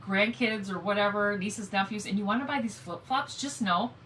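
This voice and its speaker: Chatty bright-voiced woman hosting a live craft stream. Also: mid-range voice, moderate pace, distant mic, a little hiss or hum, poor audio. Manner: chatty, friendly, greets viewers by name. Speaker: craft livestream host.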